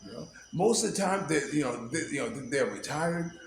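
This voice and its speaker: Male vlogger, slightly high voice, rambling anecdotes full of fillers and chuckles, echoey room with faint noise. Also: lively intonation, brisk, vocal fry. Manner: rambling, laughs often, many "you know" fillers. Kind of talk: casual storytelling monologue.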